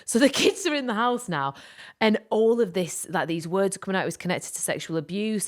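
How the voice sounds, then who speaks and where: A woman co-hosting a podcast, telling a personal story in an animated, rambling way with lots of fillers. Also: medium pitch, fast talker. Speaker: podcast co-host. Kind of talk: casual storytelling chat.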